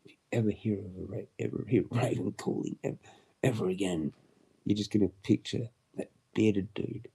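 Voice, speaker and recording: A man's voice: fairly low pitch, steady tone, moderate pace, gravelly, mellow, breathy edge. A young man chatting on a livestream, crude and slangy, often laughing and putting on mock voices. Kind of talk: rambling casual livestream chat.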